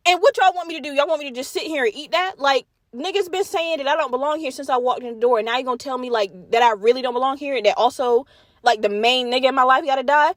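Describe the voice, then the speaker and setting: A young woman hosts her podcast in an animated, profane, casual way, talking straight to her listeners. Her voice sits a little high. The recording is dry and close, with no room sound. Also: fast, no room sound. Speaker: podcast host. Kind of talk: casual solo chat.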